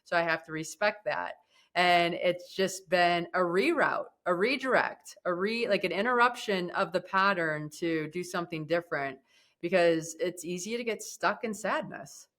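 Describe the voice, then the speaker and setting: A woman hosting a podcast interview, chatty and expressive, laughing easily. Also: on the low side, moderate pace. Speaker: podcast host. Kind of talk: casual interview talk.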